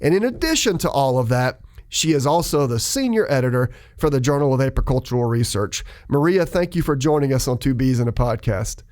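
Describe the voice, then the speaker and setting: A man's voice: mid-range voice, expressive, brisk, darkish tone. A man hosting a podcast interview, asking questions and introducing guests in a friendly, enthusiastic way. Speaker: podcast host.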